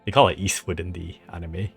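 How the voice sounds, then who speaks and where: A man's voice: sits low, expressive, moderate pace, slightly rough, soft background music. A young man telling a rambling, laughing story over his travel photos in a casual vlog, full of fillers and restarts. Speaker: travel vlogger.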